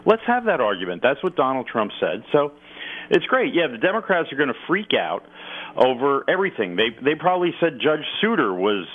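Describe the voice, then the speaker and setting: A man calls in to a talk radio show, his voice thin and tinny down a phone line. He argues emphatically and with a sarcastic edge, swinging his pitch up and down as he makes his points. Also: sing-song, brisk. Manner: emphatic, sarcastic, mocks opponents. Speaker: political commentator, guest.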